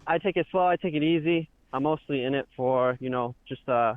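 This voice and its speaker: A man's voice: medium pitch, brisk, no room sound. A man calling in to a talk show, telling a story casually and acting out the quotes of people he argued with. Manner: animated, acts out shouted quotes. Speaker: caller. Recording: tinny phone line, dry.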